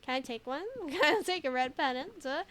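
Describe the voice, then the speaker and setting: A woman's voice: high voice, expressive, a little fast, fairly bright tone. A woman streamer chatting casually over a game, laughing often and thinking aloud with lots of fillers. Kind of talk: casual let's play commentary.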